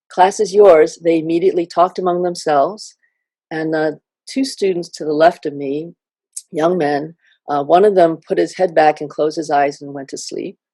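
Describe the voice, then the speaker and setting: A woman's voice: deep voice, vocal fry, warm tone, husky, dry recording. Earnest woman professor telling a story. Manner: earnest, reflective, with fillers. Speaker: genetics professor. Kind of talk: storytelling talk.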